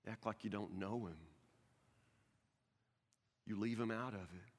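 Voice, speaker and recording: A man's voice: lowish voice, measured pace. Earnest stammering male pastor in a hall. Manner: earnest, stammering restarts, swings from loud to hushed. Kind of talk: sermon.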